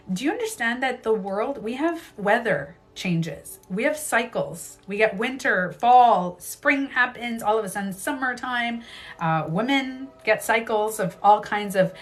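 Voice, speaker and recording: A woman hosting a casual live stream as a spiritual coach, chatting animatedly, laughing often and greeting viewers by name. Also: mid-range voice.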